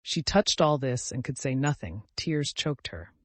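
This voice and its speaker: A man narrating a classic novel as an audiobook, calm and measured, lifting his voice for the dialogue. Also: mid-range voice, dry recording.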